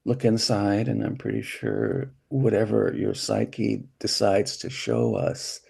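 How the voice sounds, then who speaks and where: Slow, gravelly man, dark and husky, a gentle therapist demoing a session, full of restarts. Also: fairly low pitch, very animated. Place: symposium hall, hybrid session.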